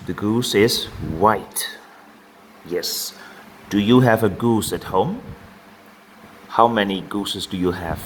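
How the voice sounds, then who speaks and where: A man teaching farm animal names to young learners, saying each word slowly and repeating it for them to copy. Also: on the low side, slight background noise. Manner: slow, drawn-out word modelling with repeated words. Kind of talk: children's vocabulary lesson.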